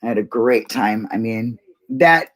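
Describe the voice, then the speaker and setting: A woman with a very deep voice hosts a casual YouTube livestream, talking unhurriedly to her viewers. She rambles and laughs as she goes and gets emotional easily.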